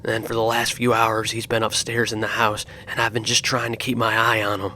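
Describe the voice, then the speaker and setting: A man voicing a small, nervous old male neighbor who talks in a hurried, anxious way. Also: fairly low pitch, monotone, pushed and bright, a little hiss or hum. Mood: urgent.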